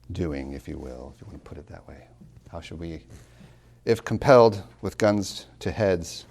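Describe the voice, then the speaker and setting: Male college lecturer, low gravelly voice, emphatic, drags out key words. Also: warm tone. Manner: emphatic, with rhetorical questions; slows down to stress key words. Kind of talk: classroom lecture on poetry.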